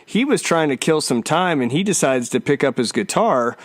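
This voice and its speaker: A man's voice: a little high, animated, moderate pace, no room sound. A man hosting a podcast, talking in a laid-back, casual way and calling his guest dude. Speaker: podcast host. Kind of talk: casual chat.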